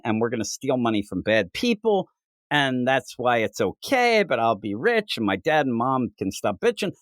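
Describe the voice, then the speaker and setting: A man co-hosting a casual comic book podcast, recapping stories in an animated way. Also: medium pitch, no room sound. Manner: animated recapping, jumping into character voices. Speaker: podcast co-host.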